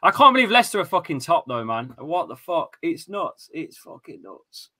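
A high-voiced man with a lively, swooping delivery and a bright tone. He commentates a football match live, laughs a lot and bursts into loud celebrations. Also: normal speed. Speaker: fan channel host.

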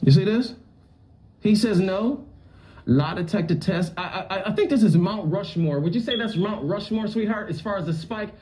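High, lively, teasing man. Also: moderate pace. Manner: teasing, theatrical questioning. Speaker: bounty hunter host of a prank show. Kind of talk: staged confrontation show.

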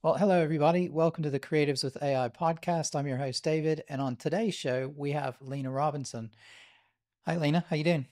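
A man's voice: fairly high pitch, steady tone, fairly quick, darkish tone. Chatty male podcast host. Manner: friendly, hesitant with many ums. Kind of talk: casual interview chat.

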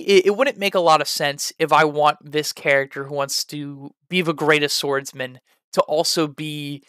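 A man's voice: fairly high pitch, fairly bright tone, clear, resonant tone, no room sound, clean studio sound. A man giving casual advice on building role-play characters, rambling with frequent "uh" fillers and trying out voices as he explains. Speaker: tabletop role-play tutorial host.

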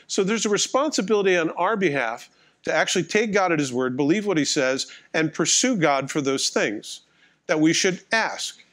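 Middle-aged man, pastor, sermon, fairly high voice, wry and chatty, acts out little exchanges. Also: expressive, moderate pace, a bit bright. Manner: conversational, wry and self-mocking, acting out little dialogues.

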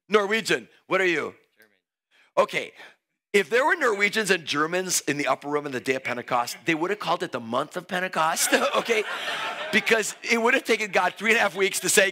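A man preaching an energetic altar call in a church, excitable and playful, exclaiming and joking with the crowd. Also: a little high. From Greek heritage. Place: church sanctuary.

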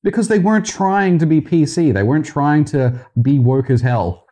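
A man's voice: fairly high pitch, moderate pace, warm tone. A man in a tattoo parlor who chats casually, giving his opinions and joking. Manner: opinionated, jokey. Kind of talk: casual chat.

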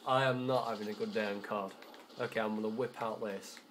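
Teen lad chatting over his game, kinda low voice, bit of hiss behind him. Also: steady tone. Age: teens. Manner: rambling, self-correcting, quick to frustration. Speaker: gamer. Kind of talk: gameplay commentary.

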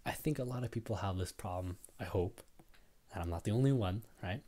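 Young male podcaster, lowish voice, rambling and self-deprecating, casual solo storytelling. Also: fairly quick, warm tone. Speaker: podcast host.

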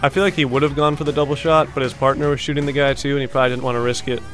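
A young man hosting a video-game montage reaction, talking casually, swearing often and bursting out in excited disbelief. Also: medium pitch, racing, soft background music. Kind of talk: casual gaming reaction commentary.

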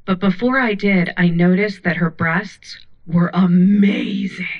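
A woman's voice: on the low side, a little slow, muffled recording. A woman performing a stand-up comedy set on a club stage, telling stories animatedly into a handheld mic. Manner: animated storytelling with many voices.

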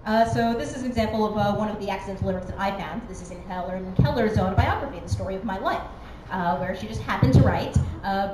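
A woman's voice: medium pitch, fast, darkish tone. A woman giving a conference talk, chatty and self-deprecating, with many fillers. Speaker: conference speaker. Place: conference hall. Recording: echoey hall with background noise.

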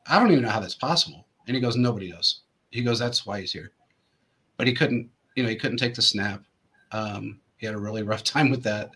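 A man hosting a casual talk show, his voice bright and forward with a husky edge. He spins long, rambling stories, looping back with fillers and restarts as he goes. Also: mid-range voice. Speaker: host. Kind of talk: casual storytelling chat.

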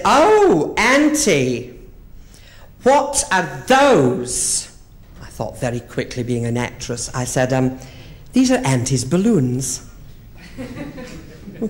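A man's voice: mid-range voice, darkish tone. A man performing a bawdy stand-up monologue in drag character on a live theatre stage. He tells camp stories and swoops into quoted voices. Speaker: drag comedian.

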